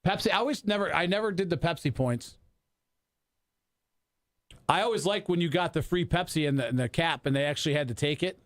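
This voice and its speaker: A man's voice: on the high side, fairly quick, pauses often. A man in his forties in loose, profane, rambling chat on a radio talk show. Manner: profane, rambling banter with restarts. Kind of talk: casual chat.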